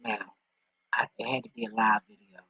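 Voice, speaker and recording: A man talking off the cuff in a vlog, rambling and excitable, swearing often as he reads and reacts. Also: brisk, no room sound, highs cut off. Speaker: vlogger.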